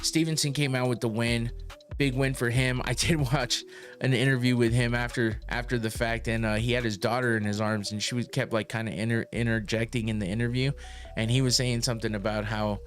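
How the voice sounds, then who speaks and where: A man's voice: medium pitch, fairly even intonation, brisk, soft background music. A man hosting a podcast, recapping fights in a rambling, casual way with lots of cursing and restarts. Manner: rambling, profane, with frequent restarts and laughs. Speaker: podcast host.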